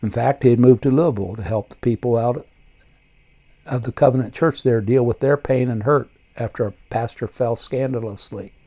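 A man's voice: mid-range voice, normal speed, dark tone. An older man, a pastor, reading his own memoir aloud in an earnest, reflective way.

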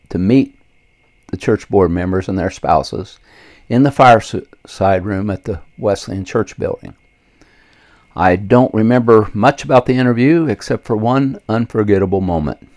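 Older man, low gravelly voice, memoir reading, dry close sound. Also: a little mellow, dry recording. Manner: measured, earnest reading with occasional slips. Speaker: author reading his memoir. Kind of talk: memoir narration.

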